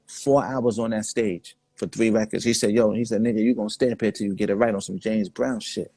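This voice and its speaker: A man's voice: lowish voice, fairly even intonation, brisk, warm tone, slightly rough, no room sound. A man, the guest in a casual interview, telling laid-back stories full of quoted dialogue. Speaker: guest artist.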